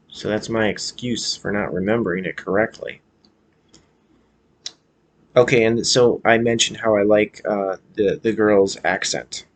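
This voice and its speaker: An American man vlogging in a casual, hesitant way, with many fillers and restarts as he chats about a movie. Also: lowish voice. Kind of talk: casual rambling movie chat.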